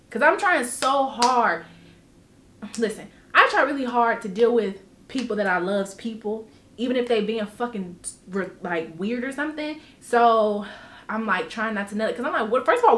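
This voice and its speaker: A woman vlogger telling a personal story in casual storytime style, animated and emphatic, swearing freely. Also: fairly high pitch, a little slow, echoey room.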